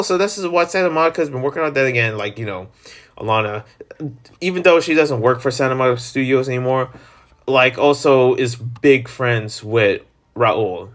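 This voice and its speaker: Rambling, jokey male channel host. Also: moderate pace. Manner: rambling, jokey, animated pitch swings. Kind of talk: casual solo gaming chat.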